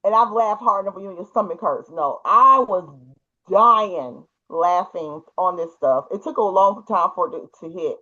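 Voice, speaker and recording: A high-pitched man with a bright, forward tone tells a story in an animated, casual way, laughing as he goes. The recording sounds a little dull and muffled. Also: moderate pace. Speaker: podcast co-host.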